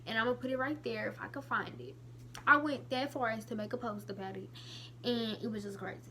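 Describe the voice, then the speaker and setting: A young woman in her late teens, telling a personal story to camera in a chatty, animated way. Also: fairly high pitch, a little fast, a little hiss or hum. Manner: chatty, animated retelling with lots of "I was like". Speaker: vlogger.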